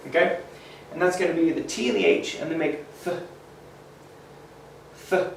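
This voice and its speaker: Guy teaching kids phonics, slow and upbeat, sounds far from the mic, faint hum behind. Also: fairly high pitch, expressive. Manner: slow, encouraging, sounds out letters. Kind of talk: phonics lesson for children. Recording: echoey room, mic at a distance.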